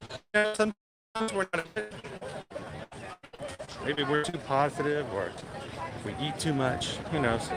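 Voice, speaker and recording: A chatty, upbeat man hosts a live stream outdoors, talking straight to his viewers as he goes. His voice sits at a middling pitch. Steady outdoor noise and background bustle run under the whole recording. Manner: chatty, upbeat, addresses the chat directly. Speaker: livestream host. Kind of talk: casual live-stream chat. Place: outdoors at a busy theme park. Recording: noisy outdoor ambience.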